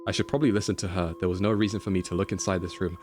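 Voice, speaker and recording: A man's voice: low voice, steady tone, very fast, a little mellow, slight background noise, voice pushed down, natural voice. A man voicing a haughty young man's inner thoughts in a put-on British accent, clipped and self-important, reading a game's inner monologue.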